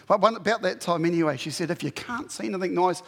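A man's voice: high voice, fast, gravelly, breathy edge, big-room sound. A man preaching a sermon in a blunt, exhorting way, giving plain commands to his listeners.

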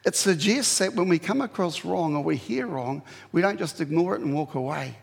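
A man preaching a sermon as pastor, earnest and pleading, climbing sharply in pitch when he presses a point. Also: expressive, moderate pace, vocal fry, slightly rough. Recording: long hall reverb.

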